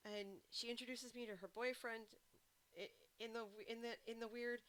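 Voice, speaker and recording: A woman game streamer chatting casually to her viewers and telling stories in an animated way. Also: a little high, normal speed. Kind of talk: casual chat. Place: home streaming setup. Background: background music.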